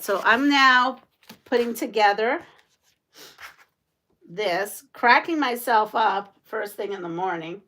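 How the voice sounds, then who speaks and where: A woman's voice: mid-range voice, fairly bright tone. A woman from the United States hosting a quilting live stream, chatting casually with viewers, laughing often.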